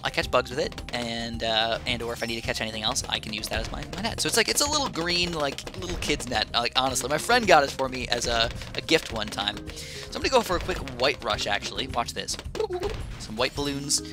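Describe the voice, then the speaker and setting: A man's voice: medium pitch, quick pace. Chatty young man over game music. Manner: chatty, rambling, excitable with frequent fillers. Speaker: gaming YouTuber. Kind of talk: casual storytelling over gameplay.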